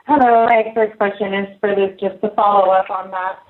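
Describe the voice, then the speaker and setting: A woman reporter asking polite, measured questions on a conference call. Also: medium pitch, steady tone. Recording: tinny phone line.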